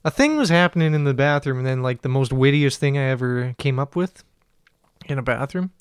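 A man's voice: mid-range voice, lively intonation, fairly quick, clean tone, dry recording, clean studio sound. A man co-hosting a comedy podcast, rambling through funny stories with frequent chuckles. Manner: rambling storyteller, chuckles often. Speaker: podcast co-host. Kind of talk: casual comedic banter.

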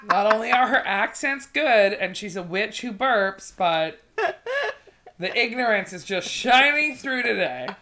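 A woman's voice: mid-range voice, expressive, measured pace, pushed and bright. A woman comedian co-hosting a podcast, bantering and teasing in casual chat.

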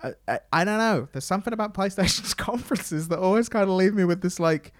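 A man's voice: high voice, lively intonation, quick pace, no echo, studio quality. A man co-hosting a casual podcast chat, ranting and swearing, acting out what others said. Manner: ranting, sweary, mimics people in quotes. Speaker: podcast co-host.

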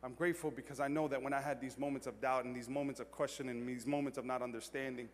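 A man preaching a sermon as pastor, moving from quiet reflection to loud, excited storytelling. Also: medium pitch, fast, big-room sound, a little hiss or hum.

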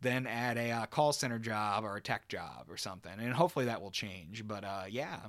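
A man's voice: lowish voice, lively intonation, fairly quick, fairly bright tone. A man co-hosting a podcast, telling a story in casual chat, blunt and profane, laughing along the way. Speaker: podcast co-host.

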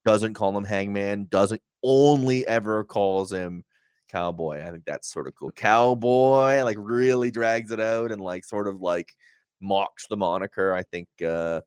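A man's voice: fairly low pitch, a little slow, a little mellow, smooth, no echo. A man co-hosting a casual wrestling recap show, retelling promos and sometimes acting out the wrestlers' lines. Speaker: wrestling podcast co-host.

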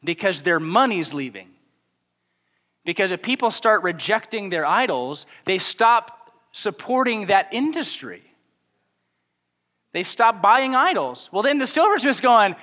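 A man delivers a sermon in a high voice and acts out the people he quotes with animated energy. His voice rings through a church hall with a long reverb tail. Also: measured pace, long pauses. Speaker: pastor.

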